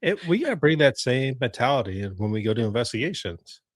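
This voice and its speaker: A man hosting a podcast, chatting calmly with his guest and affirming what she says. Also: medium pitch, fast talker, no echo, studio quality. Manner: calm, agreeable, short affirmations. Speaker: podcast host, paranormal investigator. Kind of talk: casual interview chat.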